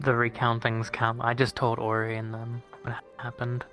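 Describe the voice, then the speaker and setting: A woman playing Sylvie, a calm, friendly female adventurer, speaking slowly and relaxed in an in-character role-play. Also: very deep voice, faint music behind. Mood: easygoing. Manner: slow, relaxed, laughing. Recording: roomy echo.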